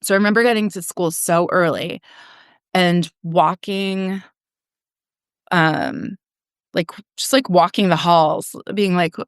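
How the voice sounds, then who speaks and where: A woman's voice: fairly low pitch, fairly even intonation, slow pace, pauses often, smooth, no echo, clean studio sound. A woman in her forties, a podcast guest telling her own story frankly, with frequent laughs and casual swearing. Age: 40s. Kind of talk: candid personal storytelling.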